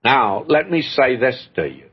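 A man's voice: mid-range voice, very animated, measured pace, slightly rough. An older man preaching a sermon in a folksy, earnest way, often calling his listeners friend. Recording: dull lo-fi sermon recording.

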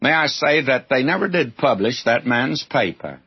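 A man's voice: mid-range voice, animated, normal speed, slightly rough, no echo. An older man preaching a sermon, teaching through a Bible passage in a folksy, emphatic way. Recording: dull, lo-fi older recording.

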